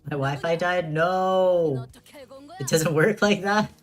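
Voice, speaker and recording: A chatty streamer rambling through a live game stream, laughing often and answering chat. The pitch sits in the middle range. Faint game music hums underneath. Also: moderate pace.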